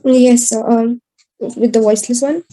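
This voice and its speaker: A woman student reads practice words aloud one at a time. Her voice is a little high and mellow. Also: steady tone, a little slow, low-quality recording.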